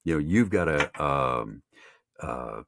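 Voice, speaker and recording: A man's voice: rumbling low, lively intonation, slow pace, creaky, a bit bright, slight background noise. A man mentoring voice actors in a casual, rambling chat. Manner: rambling, lots of fillers and restarts.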